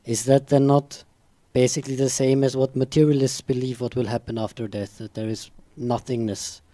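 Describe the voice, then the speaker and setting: A man's voice: medium pitch, level tone, normal speed, dark tone, no room sound. A man in the audience carefully laying out a philosophical question. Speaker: audience member asking a question.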